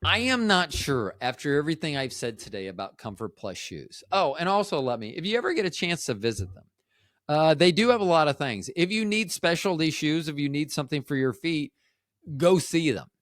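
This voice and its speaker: Male podcast host, lively pitch, jokey and self-mocking, dry close mic. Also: a little fast, no echo. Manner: joking, self-deprecating, trails off and restarts. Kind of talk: rambling solo podcast chat.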